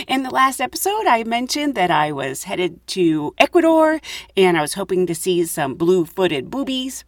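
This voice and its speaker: A woman's voice: mid-range voice, a bit bright, dry recording. A woman hosting her own podcast, telling funny stories in a chatty, giggly, self-mocking way from a closet at home. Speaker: podcast host. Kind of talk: casual storytelling monologue.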